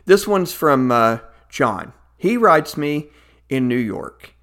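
A man's voice: on the high side, very animated, slow pace, fairly bright tone. Enthusiastic male podcast host. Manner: enthusiastic, announcer-like. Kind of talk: Christian podcast show hosting.

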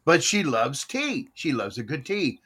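A man's voice: on the high side, a little slow, slightly rough. An older man hosting a casual podcast chat, telling stories and reading listener comments aloud. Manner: animated storyteller, reads chat comments aloud. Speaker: podcast host.

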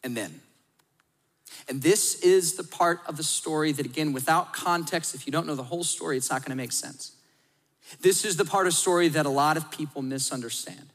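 A man in his thirties preaching a sermon, telling the story with animated acted-out voices and swings from loud to hushed. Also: a little high, a little fast, long reverb tail. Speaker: pastor.

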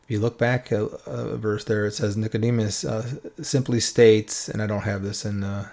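A man explaining Bible verses in a relaxed, conversational way, often checking in with a questioning "right?". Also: lowish voice, moderate pace, creaky. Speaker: Bible teacher.

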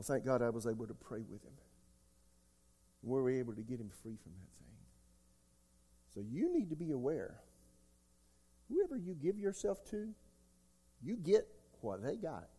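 Emphatic older pastor in a reverberant hall. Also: male voice, fairly high pitch, slightly rough. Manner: emphatic, swings between loud outbursts and quiet asides. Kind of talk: sermon. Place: church sanctuary.

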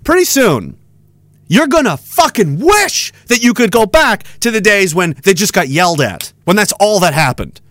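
A man's voice: high voice, sing-song, normal speed, fairly bright tone, no room sound. A man hosting a podcast, ranting angrily and sarcastically with lots of swearing while reading viewer comments. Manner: angry, profane, sarcastic ranting. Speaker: podcast host.

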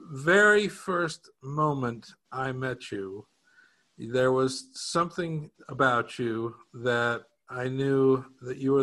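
A man's voice: medium pitch, bright, forceful tone. A man co-hosting an interview, telling a casual story in a self-deprecating way, chuckling and restarting sentences. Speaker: co-host.

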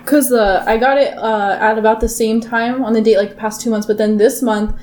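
A woman in casual chat, soft-spoken, thoughtful and a little hesitant. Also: on the high side, fairly even intonation, brisk.

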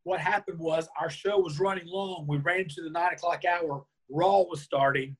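Husky man telling a lively story. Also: on the high side, moderate pace. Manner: lively anecdote-telling, acts out quoted lines. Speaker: interview guest. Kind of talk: storytelling in a conversation.

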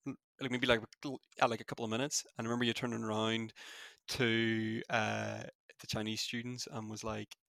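A young man with a Belfast accent who talks quickly, full of fillers and restarts, in a casual interview. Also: on the low side, little pitch movement, gravelly, fairly bright tone, dry recording, studio quality. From Northern Ireland. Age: young adult. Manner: fast-talking, many fillers and restarts. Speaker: former student guest.

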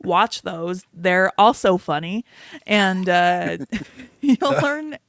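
A woman's voice: lowish voice, drawn-out words, dry recording, studio quality. An American woman co-hosting a casual podcast chat, talking freely with many fillers and laughs. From United States. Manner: chatty, laughing, full of fillers. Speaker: podcast co-host.

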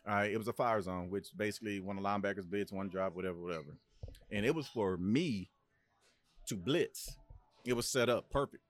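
A man's voice: lowish voice, a little fast. A middle-aged man, a former football player and coach, telling stories in a casual podcast chat and acting out others' voices. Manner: animated storyteller, acts out voices of others.

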